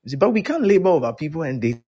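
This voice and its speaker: A man's voice: fairly high pitch, big pitch swings, racing, mellow, breathy edge, lo-fi sound. A man preaching as a pastor, acting out both sides of the conversations he recounts. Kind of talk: sermon.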